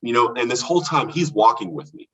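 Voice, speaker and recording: A man recounting his recovery from addiction as a podcast guest, earnest and halting, with many restarts. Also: medium pitch, big pitch swings, bright, forceful tone, breathy edge, recorded from a distance, dull audio. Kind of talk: candid testimony in a podcast conversation.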